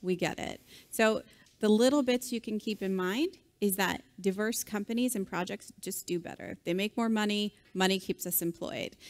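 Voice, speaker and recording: A woman co-presenting a conference keynote, upbeat and encouraging, bantering with her partner. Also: mid-range voice. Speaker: keynote co-speaker. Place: conference stage.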